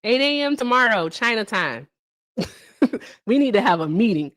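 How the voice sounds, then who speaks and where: A woman's voice: fairly high pitch, very animated, normal speed, a bit bright, no echo. A woman hosting a casual livestream, chatty and laughing often as she talks straight to her viewers. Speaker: livestream host.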